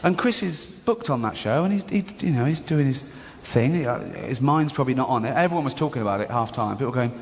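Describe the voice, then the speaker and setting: A man's voice: mid-range voice, quick pace, hardly any pauses. A man doing stand-up, telling a story and acting out the voices of the people in it. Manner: animated, acts out voices, laughs often. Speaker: stand-up comedian. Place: large hall before a live audience. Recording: live hall recording with audience.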